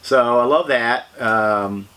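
A man's voice: medium pitch, slow, bright, forceful tone. A man, a guest on an interview show, chatting casually, rambling and laughing as he talks. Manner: rambling, laughing, swearing freely. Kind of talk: casual chat.

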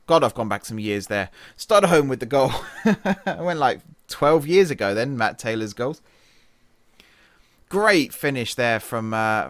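A man streaming a football management game, giving chatty play-by-play, laughing at his own slips and sounding tired from an early start. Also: no room sound. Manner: chatty, self-correcting, quick laughs, shifts from excited to low mutters. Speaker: gaming streamer. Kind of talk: casual game commentary.

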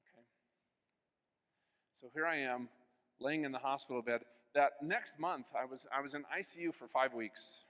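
A man in his fifties giving an earnest personal faith testimony as keynote speaker, telling his story with sudden swings between hushed and loud. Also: medium pitch, moderate pace, pauses often. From United States. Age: 50s. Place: large convention hall. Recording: long hall reverb.

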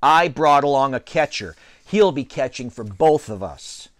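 A man voicing a cocky, bossy boy pitcher in a storybook reading, loud and taunting. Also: animated, a little slow, no room sound, natural voice.

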